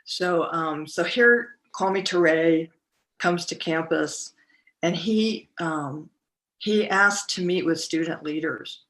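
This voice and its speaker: A middle-aged woman recounting a personal story as a podcast guest, speaking haltingly with many fillers and restarts. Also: lowish voice, a bit bright.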